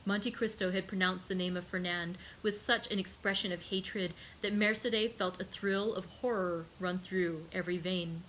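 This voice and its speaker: A woman hosting a library read-aloud, narrating a classic novel in a steady, unhurried way. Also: lowish voice, slight background noise, poor audio.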